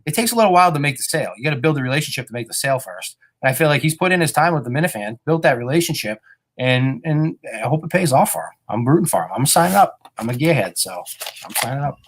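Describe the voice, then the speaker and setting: Male co-host, quick and lively delivery, slightly higher voice, profane teasing. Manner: quick, animated, profane ribbing. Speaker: podcast co-host. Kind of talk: casual chat.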